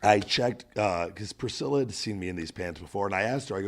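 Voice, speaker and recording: A man in his thirties hosting a podcast, telling a gym story in casual, profane, animated chat. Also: fairly low pitch, quick pace. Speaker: podcast host.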